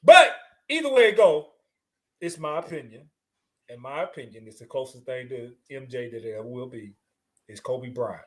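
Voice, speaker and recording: Lively boastful man in casual debate. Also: medium pitch, moderate pace. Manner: boastful, laughs a lot, curses freely. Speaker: podcast co-host.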